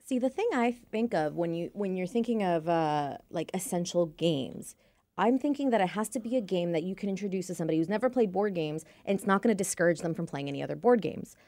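Woman co-host, lively and bubbly, lowish pitch, dry studio sound. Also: fairly quick, no echo. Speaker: podcast co-host. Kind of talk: casual chat.

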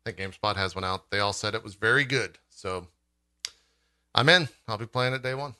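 A man hosting a casual podcast chat about video games, relaxed and laughing often. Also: lowish voice, a little fast, clear, resonant tone. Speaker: podcast host.

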